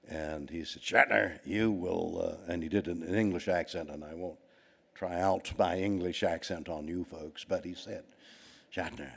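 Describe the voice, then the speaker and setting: An older Canadian man telling a rambling anecdote to an audience, with many restarts and quoted voices. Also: low voice. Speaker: award recipient giving a speech.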